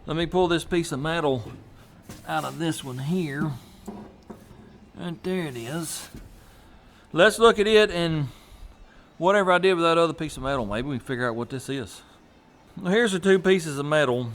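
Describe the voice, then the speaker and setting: A man's voice: a little high, a bit bright, slight background noise. A man hosts a casual garage vlog, folksy and thinking aloud as he works in a home garage. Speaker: garage channel host.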